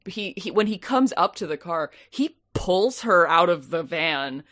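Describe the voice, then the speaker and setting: A woman's voice: fairly low pitch, lively intonation, a little slow, fairly bright tone, dry recording, clean studio sound. A woman co-hosting a movie podcast, rambling and laughing as she picks apart a film. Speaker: podcast co-host. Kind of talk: casual movie-review chat.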